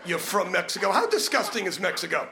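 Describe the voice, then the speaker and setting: A man's voice: sits high, big pitch swings, fast, pushed and bright. A man doing a crude, brash stand-up comedy set, punching his lines.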